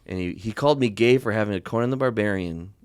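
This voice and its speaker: A man's voice: lowish voice, quick pace, clean tone, no echo. A man co-hosting a podcast, chatting casually, joking and swearing freely. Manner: joking, swears freely, puts on silly accents. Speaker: podcast co-host. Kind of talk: casual chat.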